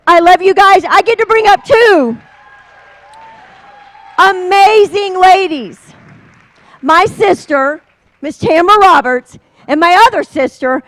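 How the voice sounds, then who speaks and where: A woman giving an emotional motivational talk at a seminar, slow and heartfelt, building to emphatic encouragement. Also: very high voice, lively intonation, fairly bright tone, dry recording, low-quality recording. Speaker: seminar speaker.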